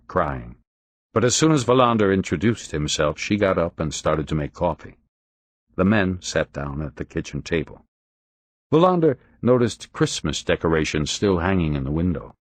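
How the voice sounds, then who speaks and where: A man narrating an audiobook in a steady, expressive reading. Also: deep voice, dry recording. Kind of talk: audiobook narration of a crime novel.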